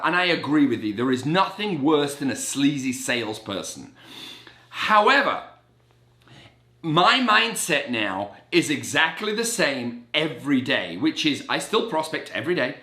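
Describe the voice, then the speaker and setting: Brief: middle-aged man, motivational talk, high-energy and caffeinated, bright edge, recorded in a roomy indoor space. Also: normal speed. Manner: animated and energetic, self-described as very caffeinated; acts out his own inner voices in quoted asides. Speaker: real estate agent. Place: indoor room with a blackboard on the wall. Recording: roomy echo.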